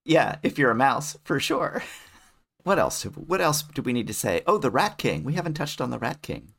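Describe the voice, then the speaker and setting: A man co-hosting a scholarly podcast, explaining in a relaxed, wry way. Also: mid-range voice, moderate pace, vocal fry. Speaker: podcast co-host, literary scholar. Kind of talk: casual scholarly chat.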